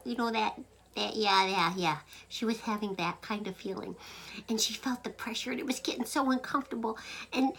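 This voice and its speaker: High, lively woman telling a joke. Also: slightly rough. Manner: animated, playful, drops into whispers. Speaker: joke teller, host. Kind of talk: telling a funny story to camera.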